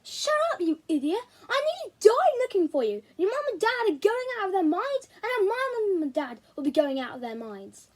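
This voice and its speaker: A woman voicing a desperate young boy in a storybook, shouting in a high voice. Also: sing-song, moderate pace, hardly any pauses. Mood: furious.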